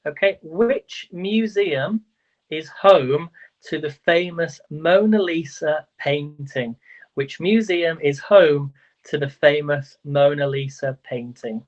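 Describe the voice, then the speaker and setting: A man's voice: fairly high pitch, slow. Male livestream quiz host, chatty, trips over words, muffled lo-fi sound. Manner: chatty, stumbles over words, counts aloud. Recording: dull lo-fi livestream audio.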